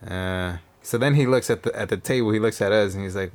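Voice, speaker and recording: A man with a fairly low voice, co-hosting a casual podcast. He tells stories with a lot of energy, acts out what everyone said, and swears offhandedly. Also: brisk. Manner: animated storyteller, acts out quotes, swears casually. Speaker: podcast co-host. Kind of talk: casual storytelling chat.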